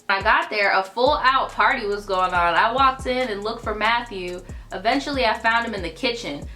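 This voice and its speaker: A woman's voice: on the high side, moderate pace, pushed and bright, soft background music. A young woman hosting a storytime channel, reading viewer stories aloud and cutting in with blunt, profane commentary. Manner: sassy, blunt, profane asides.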